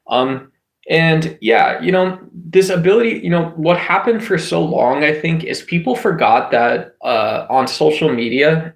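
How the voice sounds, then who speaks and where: A man's voice: on the high side, creaky, reverberant. A man hosting a casual livestream chat, rambling with lots of filler words and restarts. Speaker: livestream host.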